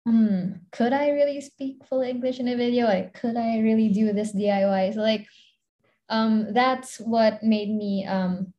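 A woman's voice: fairly high pitch, steady tone, unhurried, dark tone, muffled recording. A young woman with a Filipino accent, a content creator chatting casually as an interview guest, rambling with lots of fillers and giggles.

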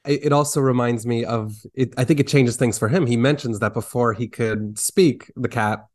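A man's voice: medium pitch, moderate pace, a little mellow. A man hosting a podcast, talking casually and thoughtfully about a film, with small restarts as he builds his point. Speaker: podcast host.

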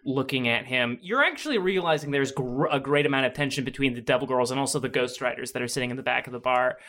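A man's voice: mid-range voice, fast talker, bright, forceful tone. A man running a tabletop game as game master, setting scenes in a matter-of-fact way.

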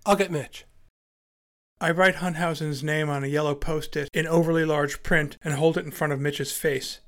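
A man's voice: a little high, steady tone, normal speed. A man telling a first-person story with acted dialogue in a dry, wry, articulate way, and hosting his podcast.

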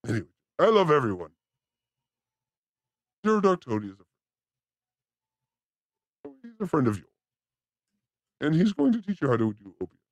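A man's voice: moderate pace, pauses often, no echo. A man hosting a show, delivering a rambling, joking comedic monologue. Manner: animated, joking, pitch swooping up and down. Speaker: host.

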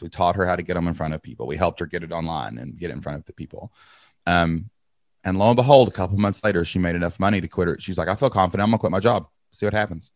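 Low-voiced man telling stories. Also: no room sound. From Kentucky. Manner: energetic, repeats words, acts out quotes. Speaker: podcast host and guest. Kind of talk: animated storytelling interview.

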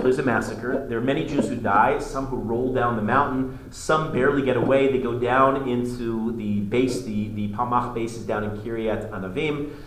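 A male history teacher lecturing a class, telling the story in an animated way with many restarts. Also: mid-range voice. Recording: echoey classroom with faint noise.

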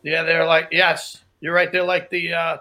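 A man hosting a casual talk show, chiming in with quick agreements. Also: fairly high pitch, completely flat delivery, sharp tone. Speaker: podcast host. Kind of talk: casual chat.

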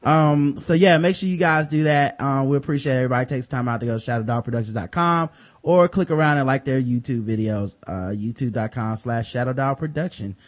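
A man's voice: medium pitch, fairly quick. A man hosting a podcast in casual chat, reading sponsor spots in a loose, jokey, profane way with lots of fillers. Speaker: podcast host.

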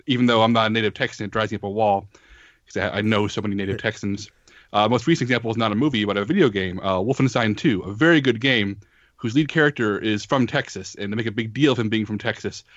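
A man co-hosting a casual discussion podcast, speaking in a measured, thoughtful way with some filler words. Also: lowish voice, fairly bright tone, no room sound, dull audio. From raised in the United States. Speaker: podcast co-host.

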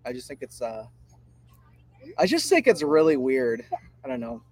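A man's voice: a little high, big pitch swings, normal speed, creaky, a little mellow, no echo. A man co-hosting a podcast, ranting bluntly and casually with plenty of swearing. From Michigan. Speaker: podcast co-host.

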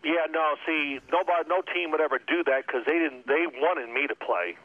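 A man in his sixties telling stories in a casual, animated way and acting out quotes in other voices. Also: a little high, normal speed, a little hiss or hum. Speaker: guest, former pro quarterback. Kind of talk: casual storytelling. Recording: phone-like line.

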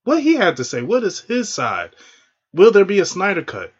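A man's voice: high voice, wildly swooping pitch, normal speed, breathy edge, highs cut off. A man hosting a casual podcast panel, laughing often and stumbling over his words. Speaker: podcast host.

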